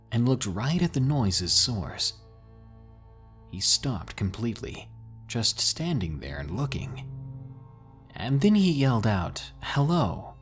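A man narrating scary stories in a dramatic, drawn-out way, pausing for suspense. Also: sits low. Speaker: horror story narrator. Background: faint music.

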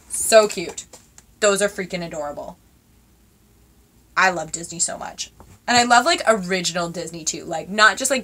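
Twenty-something woman vlogging, gushy and excitable, bright clear voice, says like a lot. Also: lowish voice. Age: 20s. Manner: gushing, excitable, lots of "like" and gasps. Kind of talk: casual unboxing chat.

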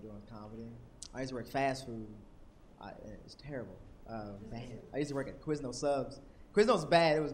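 A young man from Washington, D.C. performing stand-up comedy on stage, animated and acting out characters in shouted voices. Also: medium pitch, a little hiss or hum. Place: comedy club stage with audience.

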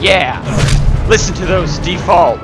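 A young man doing let's play commentary, yelling trash talk at the game, his voice going hoarse. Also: high voice, slow pace. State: hoarse, voice straining. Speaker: gaming YouTuber. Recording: gameplay music behind voice.

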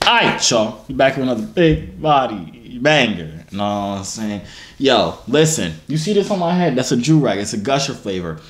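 A man's voice: mid-range voice, very animated, moderate pace, reverberant, faint music behind. Boastful, joking young man. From New Jersey. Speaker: YouTuber. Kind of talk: casual vlog and video-chat banter. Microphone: phone.

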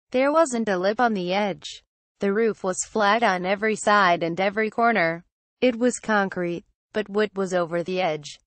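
A woman narrating a first-person horror story in a steady reading voice. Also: medium pitch, dry recording.

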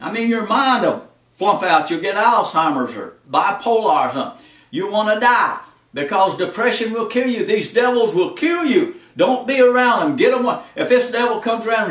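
An old preacher in his seventies delivers a folksy sermon, repeating his points and urging listeners on. His voice sits high for a man. It rings in an echoey room and he stands some distance from the microphone. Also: fairly bright tone. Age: 70s. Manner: folksy, repetitive, exhorting.

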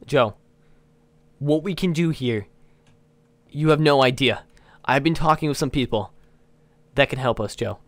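A young man hosting a modded game, chatting excitably to viewers and slipping into playful villain role-play. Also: mid-range voice, measured pace, pauses often, no room sound. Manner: excitable, keeps addressing viewers as guys. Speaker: gaming channel host.

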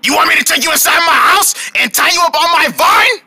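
A performer voicing a grumpy man who yells at kids to get off his grass, in a cartoon. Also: extremely high pitch, animated, fairly quick, vocal fry, very noisy, full character voice. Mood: angry yelling. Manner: shouting, threatening. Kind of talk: hobby cartoon voice acting.

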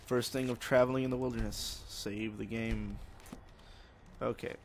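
A young man talks his way through a video game in a loose, rambling commentary, cracking jokes and muttering to himself. His voice sits at an ordinary pitch, with a faint hiss behind it. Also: fairly even intonation, normal speed. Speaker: let's play gamer. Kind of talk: casual gameplay commentary.

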